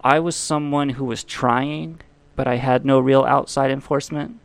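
A man's voice: medium pitch, fairly even intonation, normal speed, creaky, clean tone, dry recording. Guy rambling on his podcast, jokey but heartfelt, dry close sound. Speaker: podcast host. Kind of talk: casual podcast monologue.

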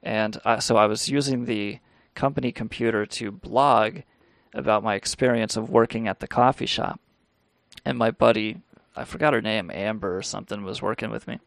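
A man's voice: lowish voice, steady tone, moderate pace, vocal fry, no echo. A man hosting a call-in radio show, telling rambling, crude stories and laughing as he goes. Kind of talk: casual storytelling on a call-in show.

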